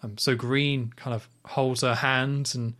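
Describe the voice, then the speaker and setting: A man chatting casually as a podcast host, walking through a film scene by scene. He rambles, restarts his sentences and leans on "like". His voice sits at a middle pitch for a man. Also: little pitch movement, takes it slowly, fairly bright tone. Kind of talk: casual film recap chat.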